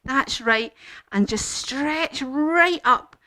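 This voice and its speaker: A woman leading a children's yoga lesson as a story, animated and encouraging. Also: sits high, drawn-out words, no room sound. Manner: animated, encouraging, sing-song. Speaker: kids yoga teacher.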